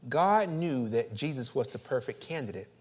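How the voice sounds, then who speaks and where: A man's voice: expressive, moderate pace. Preaching man with fiery rising swells. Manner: preaching with swells of loud, high, laughing emphasis; repeats phrases and restarts when fired up. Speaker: pastor. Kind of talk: sermon.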